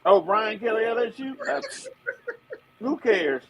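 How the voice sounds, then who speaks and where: High-voiced male coach, dismissive and scoffing, crowd noise clear behind him. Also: expressive, moderate pace, low-quality recording. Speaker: coach, sports show panelist. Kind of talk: casual sports debate.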